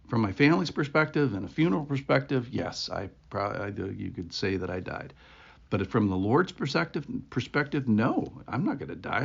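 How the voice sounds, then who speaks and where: Lowish and touched with vocal fry, this man's voice carries an informal devotional talk on his podcast. He sounds earnest, reflective and conversational, and the lo-fi recording is dull.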